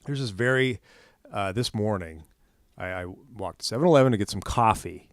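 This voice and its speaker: Chatting casually as a podcast co-host, this man tells animated stories and loudly performs the quotes of the people in them. His voice sits on the low side at a moderate pace, recorded in studio quality with no echo.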